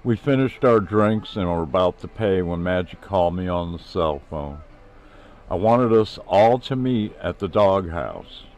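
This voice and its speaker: A man narrating his own novel in the first person. His voice is low and his pace slow and unhurried, with plain storytelling. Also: expressive, darkish tone, highs cut off. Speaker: author and narrator. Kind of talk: reading a novel aloud.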